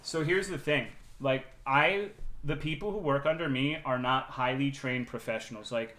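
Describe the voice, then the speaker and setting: A man streaming live, telling a work story in a profane, animated and sarcastic way. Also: medium pitch, moderate pace, roomy sound. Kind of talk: casual livestream storytelling.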